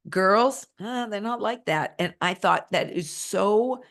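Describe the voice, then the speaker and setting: A woman co-hosting a casual podcast chat, hoarse from laryngitis and keeping her voice quiet, close to a whisper. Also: medium pitch, animated, slow. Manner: talks quietly, near a whisper, to save her voice. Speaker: podcast co-host.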